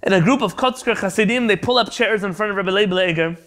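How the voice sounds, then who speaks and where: A man teaching an online class over a video call, telling stories in an animated way. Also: sits high, quick pace. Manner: animated storyteller, some restarts. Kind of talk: online class, storytelling lecture.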